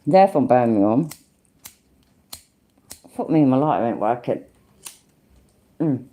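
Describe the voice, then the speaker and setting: Casting: low-voiced woman, East Midlands accent, chatty, swears a lot, laughs often, livestream host. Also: big pitch swings, slow pace, mellow. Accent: East Midlands English. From English Midlands. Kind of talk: casual livestream chat with viewers.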